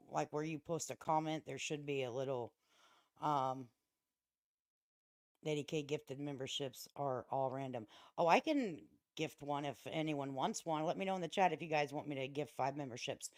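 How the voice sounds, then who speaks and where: A woman giving casual live-stream commentary on a clip, sassy and mocking, dropping from muttered asides to loud scolding. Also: deep voice, normal speed, no room sound, clean studio sound.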